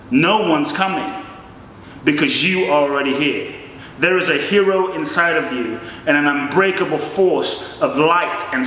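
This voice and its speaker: Bright impassioned motivational speaker in a hall. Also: male voice, on the high side, far from the mic, slight background noise. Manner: impassioned, storytelling. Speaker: life coach. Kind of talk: motivational speech.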